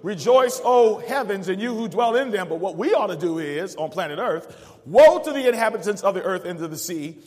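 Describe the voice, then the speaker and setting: High-voiced preacher in an echoing hall. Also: male voice, animated, moderate pace, a little mellow. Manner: preaches with rising call-outs and asks the congregation to finish verses. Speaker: pastor. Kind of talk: call-and-response sermon.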